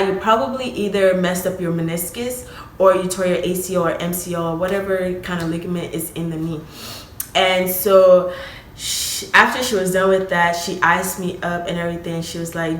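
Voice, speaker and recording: Chatty young woman vlogger, bright voice. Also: lowish voice, fairly even intonation, brisk, a little hiss or hum. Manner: chatty, addresses viewers as y'all, emotional. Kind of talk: casual storytelling to camera. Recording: echoey room with faint ambience.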